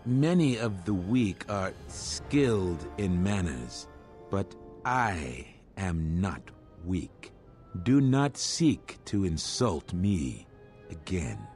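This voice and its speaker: Game NPC: a very deep, slow, haughty brute. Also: male voice, very animated, darkish tone, soft background music, exaggerated voice. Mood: cold. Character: cold proud male settler, adult, unfriendly. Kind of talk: video game voice acting.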